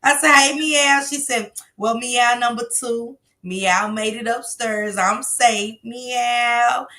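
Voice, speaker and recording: A woman hosting a casual live stream, telling stories loudly and animatedly with slang and swearing. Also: a little high, takes it slowly.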